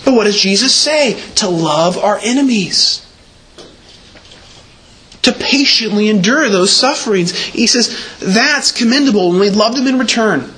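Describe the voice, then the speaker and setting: High-voiced man preaching a sermon. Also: animated, a little slow, pushed and bright. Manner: earnest, emphatic preaching with repeated words. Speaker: pastor.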